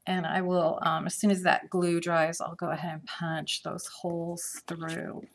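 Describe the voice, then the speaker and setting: A woman's voice: fairly low pitch, little pitch movement, a little slow. A middle-aged woman chatting her way through a live craft demonstration, thinking aloud as she works.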